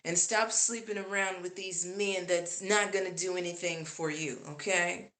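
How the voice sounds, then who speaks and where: A woman's voice: fairly low pitch, steady tone, normal speed, fairly bright tone, close to an everyday voice. A woman voicing a judgmental older woman who lectures in a condescending tone. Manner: preachy, condescending.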